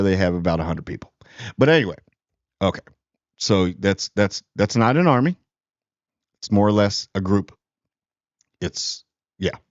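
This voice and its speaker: A man's voice: lowish voice, darkish tone, no room sound, lo-fi sound. A man giving a casual, rambling movie review, sarcastic and full of fillers.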